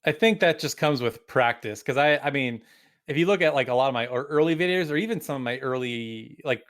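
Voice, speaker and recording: A young man chatting casually as a game reviewer, relaxed, with many fillers and frequent laughs. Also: medium pitch, a little fast. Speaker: game reviewer and video creator. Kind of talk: casual podcast chat.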